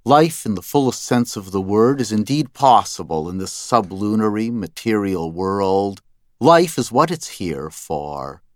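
A man's voice: fairly low pitch, big pitch swings, unhurried, dry recording, studio quality. A man narrating a first-person story in a scripted, wry and dryly humorous way.

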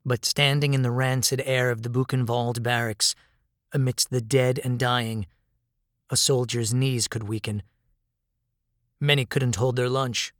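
Male narrator, measured and grave, dramatic story reading, mid pitch, dry close sound. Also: steady tone, fairly bright tone, dry recording.

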